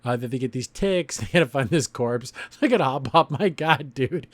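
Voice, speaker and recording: A man hosts a relaxed cartoon review podcast, rambling loosely through the plot and breaking into chuckles as he goes. His voice sits at an ordinary middle pitch. The sound is dry and close, with almost no room around it. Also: moderate pace, few pauses, dry recording. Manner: rambling, chuckles often while retelling scenes. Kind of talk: casual review commentary.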